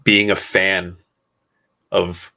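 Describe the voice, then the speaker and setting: Low gravelly-voiced man hosting a podcast. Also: flat delivery, pushed and bright. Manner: somber, sarcastic commentary with many pauses. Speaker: podcast host. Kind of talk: solo commentary podcast.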